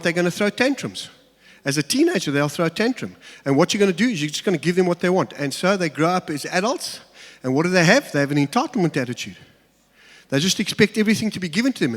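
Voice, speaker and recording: A middle-aged man delivers a sermon in a church hall. His voice sits a little on the high side and rings with long reverb. He tells stories with humor and acts out the voices in his asides. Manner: humorous storytelling with acted-out asides. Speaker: pastor.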